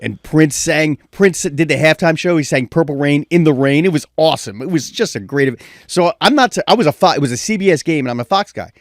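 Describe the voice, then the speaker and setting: A middle-aged man, a media veteran telling lively stories in casual podcast chat. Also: fairly quick, hardly any pauses, no echo, clean studio sound. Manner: animated storyteller, acts out quotes in high voices. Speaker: guest, MMA media veteran.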